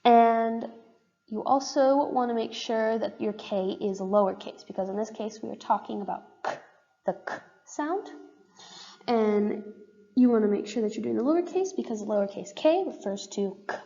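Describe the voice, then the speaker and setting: A young woman student talks through a class presentation in a relaxed, explanatory way, leaning on "um" and "uh" as she goes. The recording is dull and muffled, and her voice rings with a long reverb, as if she were in a big room. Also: a little high, moderate pace, vocal fry. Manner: casual, explanatory, with frequent fillers.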